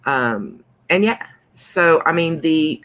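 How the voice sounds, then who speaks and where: A woman's voice: sits low, lively intonation, slow, a bit bright. A woman hosting a craft channel, chatting through a coloring demonstration in a rambling way with many fillers.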